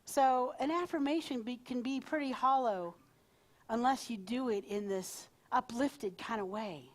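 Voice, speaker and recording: Give me a woman minister preaching conversationally to a congregation, with a somewhat high voice. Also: a little slow. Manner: warm conversational preaching, playful asides to congregation. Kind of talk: live sermon. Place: spiritual center service in front of a congregation.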